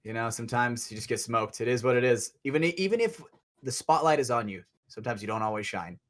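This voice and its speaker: Profane animated man telling stories. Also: mid-range voice, fast. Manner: profane, animated storyteller who acts out quotes loudly. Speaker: podcast co-host, paintball player. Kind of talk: casual storytelling chat.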